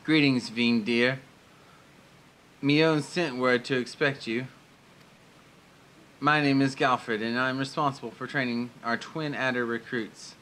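A man reading the lines of a kindly, solemn male instructor, slow and formal. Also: medium pitch, fairly even intonation, a bit bright, a little hiss or hum, poor audio.

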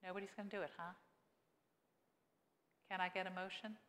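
A woman pastor giving a lively sermon, teasing her congregation with questions and urging them on. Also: mid-range voice, fairly quick. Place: church sanctuary. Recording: long church-hall reverb.

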